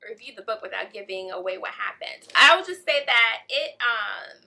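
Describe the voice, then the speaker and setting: A woman's voice: mid-range voice, expressive, normal speed, creaky, pushed and bright, poor audio. A woman casually reviewing a novel for her vlog, chatty and gushing, full of fillers and "like". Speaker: book vlogger.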